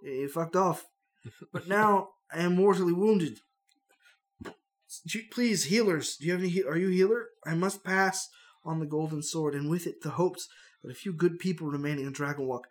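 A man voicing a mortally wounded knight who speaks gravely but slips into casual modern asides. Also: fairly high pitch, lightly acted. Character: dying wounded male knight, solemn.

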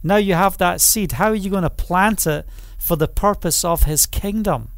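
A man preaching a sermon with fervor, calling out hallelujah and amen, rising to loud proclamation and dropping to quiet, low passages. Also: moderate pace, no echo. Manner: fervent, repeats phrases, calls out hallelujah and amen.

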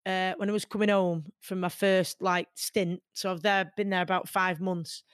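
A woman in her forties with a Mancunian accent, from Manchester, talking as an interview guest in an earnest, animated way. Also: on the low side, moderate pace, smooth, no room sound, clean studio sound. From Manchester, England. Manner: earnest and animated, many fillers. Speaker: guest, boxer. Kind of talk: conversational interview.

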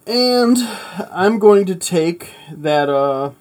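A man's voice: high-pitched, lively intonation, drawn-out words. Rambling man on a casual podcast. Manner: rambling, self-deprecating. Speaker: podcast co-host. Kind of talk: casual comedic banter.

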